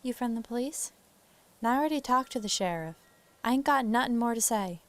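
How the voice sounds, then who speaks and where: A woman's voice: a little high, expressive, a little fast, voice pushed up, close to an everyday voice. A woman voicing a tough, guarded farm wife from the South in a put-on Southern accent. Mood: defensive. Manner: curt and defensive.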